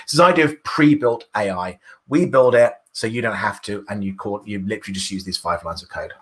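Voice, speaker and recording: A man's voice: on the low side, fairly quick, fairly bright tone. A British man presenting a workshop, explaining a live coding demo with enthusiasm and frequent restarts. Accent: British English. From Britain.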